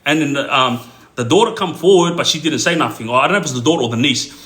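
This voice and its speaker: A man telling a story casually, rambling with fillers and laughing along the way. His voice is bright and slightly high. The room adds a noticeable echo. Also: fast talker. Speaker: storyteller, clips page host.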